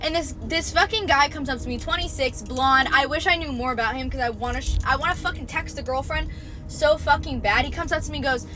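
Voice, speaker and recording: A woman's voice: high voice, a little fast. A 21-year-old college woman, drunk, ranting and swearing into her phone while sitting outside a bar. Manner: swearing, indignant rant. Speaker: college student. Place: outdoors outside a bar at night. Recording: phone recording with loud music behind.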